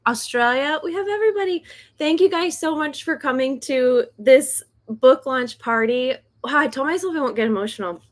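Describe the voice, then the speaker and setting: A woman's voice: high voice, moderate pace. Nervous, chatty woman on a livestream. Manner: nervous, chatty, laughs often. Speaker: host of a decluttering channel, author. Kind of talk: casual livestream chat. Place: home in South Korea.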